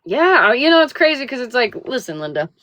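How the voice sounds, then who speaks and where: A woman's voice: a little high, big pitch swings, fairly bright tone, no room sound. Profane, rambling woman live-streamer. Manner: profane, rambling, quick to laugh. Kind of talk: casual live stream chat.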